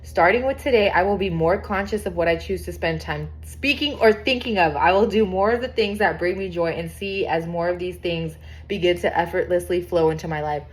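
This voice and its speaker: A young woman giving a casual tarot reading to her viewers, chatty and excitable, swearing freely and reading card texts aloud. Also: fairly low pitch, brisk, hardly any pauses, a little hiss or hum. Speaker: tarot reader.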